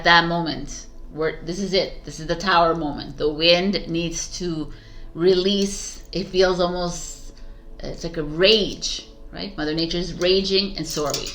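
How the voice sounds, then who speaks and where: A woman's voice: lowish voice, a bit bright. A woman tarot reader talking casually to her viewers, chatty and rambling, with frequent fillers and asides to herself. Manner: rambling, chatty, lots of fillers and self-talk. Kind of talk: casual spiritual chat to camera.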